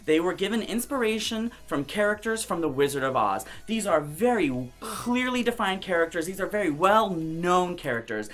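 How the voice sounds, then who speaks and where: A man's voice: high-pitched, sharp tone. A drag queen recapping a TV show in sassy, profane, theatrical commentary, often mimicking other people in quotes. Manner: brash, campy, profane, theatrical.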